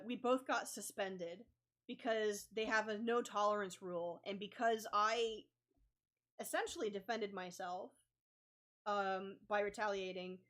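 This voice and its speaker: With a mid-range, slightly bright voice, a young adult woman who vlogs as a comic artist chats through a story while drawing. She rambles, leaning heavily on fillers like um and like.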